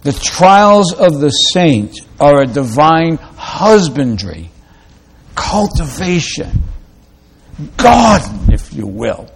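Slow, deliberate male preacher. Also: a little high, creaky. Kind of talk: sermon.

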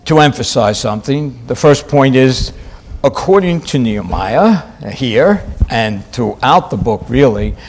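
A man preaching a sermon, stressing key phrases and repeating them, moving between loud, raised lines and quiet, low ones. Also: lively intonation, measured pace.

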